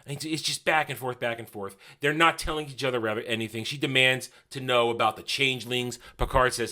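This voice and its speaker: A man's voice: mid-range voice, fairly quick, sharp tone. A man giving a casual, rambling spoken review of a TV episode, often correcting himself and paraphrasing scenes.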